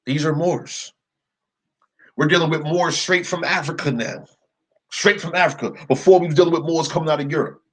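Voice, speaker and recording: A young man with a slightly high, husky voice delivers a casual monologue full of swearing. He tells a story in an emphatic way, often checking in with "right?" and tossing in "yo". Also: fairly even intonation, normal speed, rough recording. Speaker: commentator.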